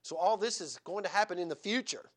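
A high-voiced pastor preaches quickly in a church, reading scripture aloud and repeatedly turning to his listeners with rhetorical questions that build urgency.

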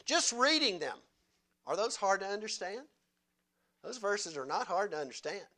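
A man's voice: high-pitched, very animated, moderate pace, bright, forceful tone. A male pastor delivering a sermon at a church service, earnest, repeating key phrases and asking rhetorical questions.

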